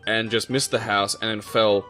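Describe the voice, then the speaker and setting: A man's voice: lowish voice, flat delivery, normal speed, over music. A man co-hosting a let's play, casually rambling through crude anecdotes. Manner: rambling storyteller, crude jokes, frequent laughs. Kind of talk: casual game commentary.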